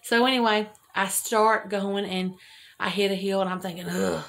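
An older woman who vlogs about homesteading talks directly to her viewers in a loose, homey storytelling style, rambling, losing her thread, and laughing at her own jokes. Her voice is middle-pitched and fairly bright, with fairly even intonation and a normal speed.

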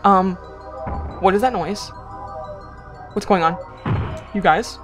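Excitable young woman gaming with guitar music. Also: mid-range voice, slow pace, long pauses. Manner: excitable, gasps and frequent exclamations. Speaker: let's play gamer. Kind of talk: casual gameplay commentary.

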